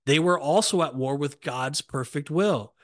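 Emphatic preaching man, fairly high voice. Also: unhurried. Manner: emphatic, repetitive, rising on exhortations. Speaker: podcast host. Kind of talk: preaching Bible teaching.

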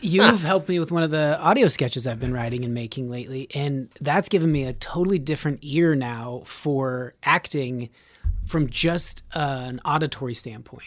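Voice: medium pitch, normal speed. A podcast host talking casually and at length, dropping into brief put-on voices to make points. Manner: rambling, acts out short voice snippets. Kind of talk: casual chat.

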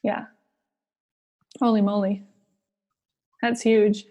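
A podcast host chats casually with her guest in an interview, showering them with effusive praise and encouragement and using lots of casual fillers. She speaks slowly, with a warm, medium-pitched voice that barely moves in pitch.

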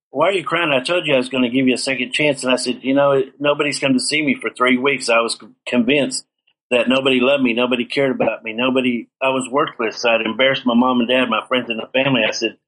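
Middle-aged male guest, mid-pitched, earnest testimony storyteller. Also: a bit bright, low-quality recording. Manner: earnest storytelling, acts out quoted dialogue. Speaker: guest telling his life story. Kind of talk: personal testimony in an interview.

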